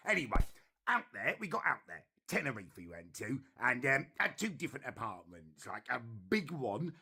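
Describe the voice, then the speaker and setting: A man rants bitterly to camera, grumbling through a long list of complaints. His voice is husky and sharp-edged, and it swoops up and down as he gripes. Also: medium pitch, very animated, normal speed. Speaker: ranting video creator. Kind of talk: ranting monologue.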